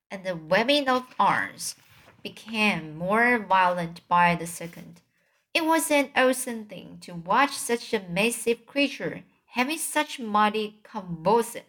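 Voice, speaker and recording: A woman reading a children's novel aloud in a slow, halting way, often restarting words. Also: mid-range voice, fairly bright tone. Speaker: reader.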